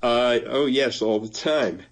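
A man's voice: medium pitch, slow. An older man translating a memoir, talking thoughtfully in an interview, reading passages aloud and laughing now and then. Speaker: translator and guest. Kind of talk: conversational interview.

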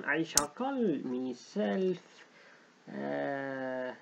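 A man's voice: fairly high pitch, animated, extremely slow, gravelly, muffled recording, noisy background. A young man hosting a let's play, joking and rambling as he reads game text aloud. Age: young adult. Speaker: gaming channel host.

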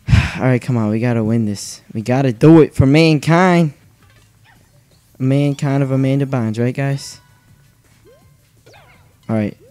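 Young male let's-player, unhurried, anxious self-mocking banter with yelled outbursts; dry room, soft game music. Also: mid-range voice, no room sound. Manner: nervous, self-mocking, bursts into yelling. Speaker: gaming channel host. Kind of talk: excited let's play commentary.

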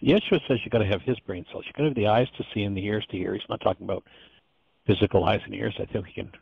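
A man's voice: on the low side, racing, vocal fry, breathy edge, no echo, lo-fi sound. A man teaching an informal course lecture, earnest and digressive, often restarting his sentences.

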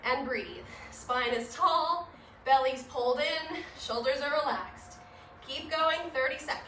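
High, bright woman leading a workout. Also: a little slow, a little hiss or hum. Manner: upbeat, encouraging, laughs at herself. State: slightly winded. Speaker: fitness instructor. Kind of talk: guided home workout instruction. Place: living room at home. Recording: echoey room, mic at a distance.

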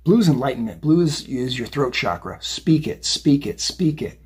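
Chatty man, very husky voice. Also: medium pitch, moderate pace. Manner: chatty, rambling, animated, says "right?" and "okay?" often. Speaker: psychic tarot reader. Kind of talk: casual tarot reading monologue.

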